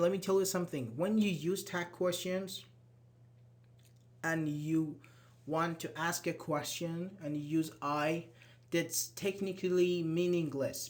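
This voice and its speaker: A man teaching an online English grammar class, explaining step by step and repeating his example sentences. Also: on the high side.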